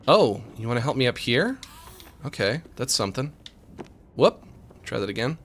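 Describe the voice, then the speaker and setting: A man's voice: mid-range voice, expressive, moderate pace, long pauses, fairly bright tone, slightly rough. A man streaming a co-op game, joking and chatting casually with his partner as he plays. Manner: joking, talks to his co-op partner while playing. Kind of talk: casual let's-play chatter.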